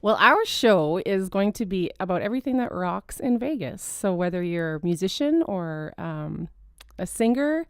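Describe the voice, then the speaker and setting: Podcast lady guesting on a radio show, smooth clear voice, relaxed chatty answers. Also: mid-range voice, normal speed, no room sound, studio quality. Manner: easygoing, chatty, with fillers. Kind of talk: casual interview chat.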